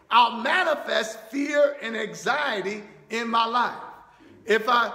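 High, gravelly preacher in an echoey hall. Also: male voice. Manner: repetitive, stammering restarts, rising to shouts. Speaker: pastor. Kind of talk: sermon.

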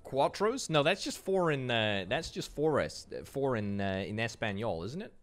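With a medium-pitched, animated voice, a Scottish-accented man chats casually while streaming a game. He keeps up a run of quick, joking responses to viewer chat.

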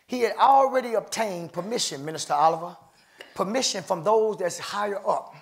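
A man preaching a sermon in a church, fervent and rhythmic, laughing between phrases and swelling to shouts. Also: high voice, expressive, moderate pace, vocal fry. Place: church sanctuary.

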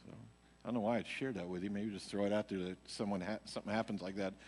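Low-voiced man telling a church testimony. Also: fairly even intonation, fast, a little mellow. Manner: rambling storytelling, heavy on fillers. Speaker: worship leader speaking at church. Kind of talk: casual personal testimony to a congregation. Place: church sanctuary. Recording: live church stream with long hall reverb.

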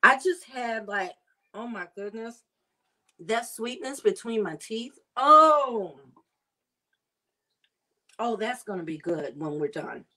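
Slow chatty lady cooking and talking to the camera, drawls, relaxed and unhurried. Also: medium pitch. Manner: chatty, drawn-out and savoring. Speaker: cooking vlogger. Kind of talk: casual chat while cooking.

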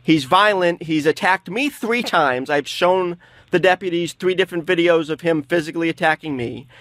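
A man's voice: fairly high pitch, moderate pace, fairly bright tone. A man and homeless activist recounting a robbery to an official in an agitated, profane, insistent way. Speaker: homeless activist telling his story.

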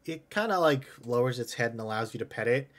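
Game master, male, relaxed scene narration, mid pitch. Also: quick pace. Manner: relaxed, laughs easily, narrates scenes plainly.

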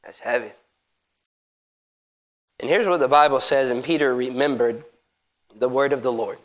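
A man pastor preaching a sermon in an emphatic, conversational way that rises at times to shouts. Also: mid-range voice.

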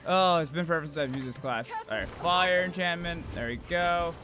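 A man hosting a let's-play, excitable and foul-mouthed, yelling at the game as he plays. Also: on the high side, brisk. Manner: excitable, swears a lot, yells at the game. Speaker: gaming channel host. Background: game music.

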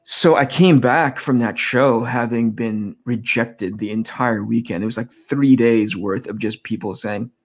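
Man in his forties, husky voice, lively storytelling, casual interview guest. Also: medium pitch, measured pace, few pauses. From United States. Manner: animated anecdotes with laughs and quoted dialogue. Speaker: guest comic artist.

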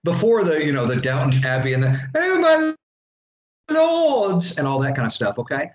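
This Florida man talks fast in a medium pitch, delivering a relaxed, talkative history lecture to his class with plenty of tangents. The recording has a little hiss or hum, with echo from the classroom and a dull, lo-fi quality.

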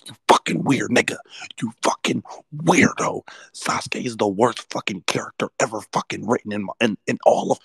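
A man in his twenties ranting late at night, swearing nonstop and swinging between hushed whispers and loud outbursts. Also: fairly low pitch, gravelly, husky, dry recording. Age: 20s. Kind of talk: late-night profane rant, often whispered. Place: at home at night while others sleep.

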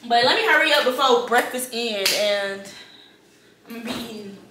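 A woman's voice: fairly high pitch, moderate pace, echoey room, noisy background. A young woman, chatting casually to her viewers in a prank vlog, swearing freely and laughing often. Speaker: vlogger. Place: home kitchen.

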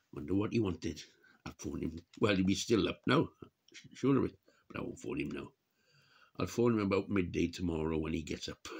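A man's voice: low voice, vocal fry. A man talking casually and wryly to his camera in a rambling vlog monologue. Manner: chatty, wry, given to chuckling asides. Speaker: vlogger.

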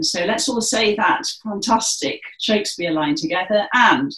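A woman's voice: mid-range voice, measured pace, few pauses, a bit bright. A woman leading a dance session, giving encouraging instructions and projecting with theatrical delivery. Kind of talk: guided movement class instruction. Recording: echoey room.

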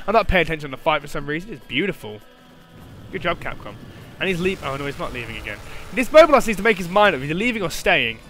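A young man giving excitable gameplay commentary, swearing and shouting at the game. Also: a little high, quick pace, a little hiss or hum. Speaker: gaming commentator.

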